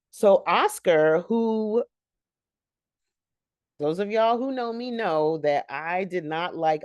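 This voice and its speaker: A woman with a fairly low, darkish voice hosts a TV recap, chatty and rambling, calling her viewers "y'all" as she talks straight to them. The recording is dry and studio quality, and she tends to be long-winded.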